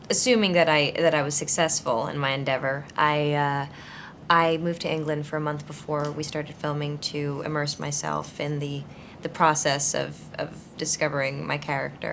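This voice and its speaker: Woman, twenties, low pitch, thoughtful, hesitant, interview answers. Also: level tone, normal speed, vocal fry, a bit bright, slight background noise. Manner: thoughtful, searching, frequent fillers and restarts. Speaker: actress being interviewed. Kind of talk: conversational interview.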